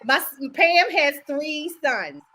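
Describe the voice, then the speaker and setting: An older woman with a Baltimore accent, casually chatting and laughing as a podcast co-host, her voice worn down and going hoarse. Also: high-pitched, slow. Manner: laughing, animated, teasing. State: losing her voice. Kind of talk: casual chat.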